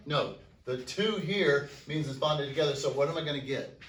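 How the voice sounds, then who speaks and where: The speaker is a male high school chemistry teacher with a slightly high, fairly bright voice, lecturing at a moderate pace. He poses questions and answers them himself, captured from a distance in an echoing classroom with slight background noise.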